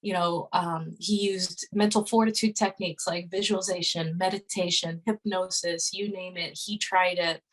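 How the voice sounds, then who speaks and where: A woman's voice: fairly low pitch, fairly even intonation, moderate pace, hardly any pauses, low-quality recording. A woman in her thirties speaking as a podcast guest, telling a story casually and earnestly, with many fillers and restarts. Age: 30s.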